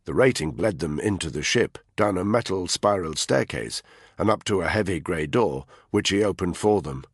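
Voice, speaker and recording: Deep gravelly male audiobook narrator. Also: expressive, normal speed, dry recording, studio quality. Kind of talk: scripted narration.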